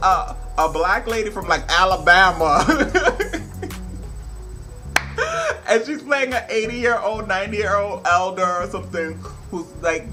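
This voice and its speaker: Male vlogger, casual film-review rant: slightly high, bright edgy voice, laughing and cursing throughout. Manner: laughs often, swears freely, rambling with many fillers.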